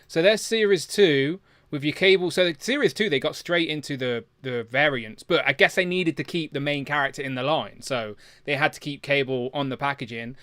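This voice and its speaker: A man's voice: on the high side, fairly bright tone, no room sound. Male host, chatty, close and dry. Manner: chatty, reads viewer comments aloud. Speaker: livestream host. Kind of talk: casual chat about toys.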